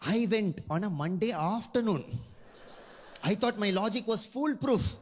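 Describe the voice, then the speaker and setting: A young man with an Indian English accent, performing a stand-up comedy set and acting out dialogue in lively voices. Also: sits high, measured pace, big-room sound, slight background noise.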